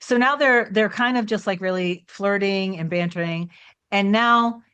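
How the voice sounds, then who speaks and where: A woman coach telling a story about one of her clients in a relaxed, chatty way, often dropping in "like" as a filler. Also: medium pitch, unhurried, smooth, highs cut off. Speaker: manifestation coach.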